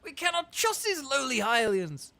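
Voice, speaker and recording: A man voicing a cranky old male fish advisor in a video game, doing a fast, shrill impression of a famous comedian. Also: very animated, pushed and bright, exaggerated voice. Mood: indignant. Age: older.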